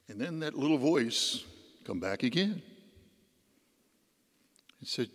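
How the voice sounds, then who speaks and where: A man's voice: mid-range voice, lively intonation, takes it slowly, pauses often. A man, a deacon, giving a homily as a folksy personal story, his voice rising and dropping. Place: church. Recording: long church reverb.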